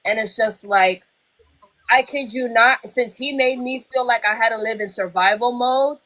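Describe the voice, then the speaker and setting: A young woman with a slightly high voice tells a personal story on a livestream, speaking into a phone. She talks bluntly and swears freely. She acts out the lines of the other people in her story. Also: moderate pace, bright, forceful tone, low-quality recording. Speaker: livestream host.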